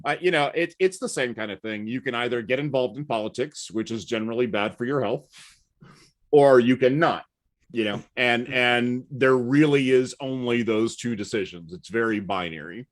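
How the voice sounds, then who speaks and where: Wry storytelling man, mid-pitched. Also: moderate pace. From United States, partly raised in England. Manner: wry, deadpan humor. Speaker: guest. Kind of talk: casual storytelling chat.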